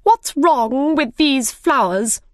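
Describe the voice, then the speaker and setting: Storybook villain: woman voicing a loud, shrill, imperious queen, very high. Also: lively intonation, slow pace, dry recording, clean studio sound. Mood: shrill commanding. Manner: shouting, imperious.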